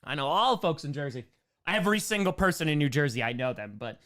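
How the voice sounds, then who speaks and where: Here a young man from New York runs a casual live Q&A as a livestream host, rattling off quick thanks to people sending superchats. His somewhat high voice moves lively up and down, and the whole chat stays easygoing and upbeat.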